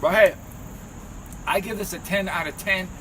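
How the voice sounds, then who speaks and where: A man's voice: sits high, a little fast, sharp tone, rough recording. A man hosting a casual food-tasting vlog outdoors, talking in a playful, hyped-up way. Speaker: vegan food vlogger. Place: outdoors by a street. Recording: outdoor street noise.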